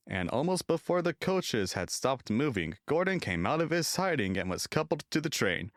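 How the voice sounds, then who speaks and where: A man reading a children's railway storybook aloud in an expressive, sing-song narrating style. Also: fairly low pitch, moderate pace, hardly any pauses, no echo, clean studio sound.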